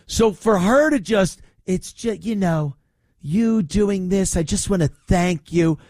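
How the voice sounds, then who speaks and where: A man's voice: sits high, animated, takes it slowly, a little mellow, no echo, clean studio sound. A man hosting a podcast, mocking a clip with exasperated, sarcastic commentary and teasing baby talk. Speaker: podcast host reacting to a clip.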